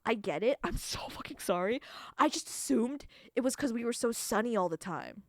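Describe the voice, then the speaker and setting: A young woman with a high, bouncy voice that swoops all over the place, chatting live with her stream. She is excitable and giggly, swears freely and breaks into squeals, close to a desk mic in a dry, dead room. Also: moderate pace, dry recording. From California. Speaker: streamer, cat VTuber. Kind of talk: casual live-stream chat with viewers.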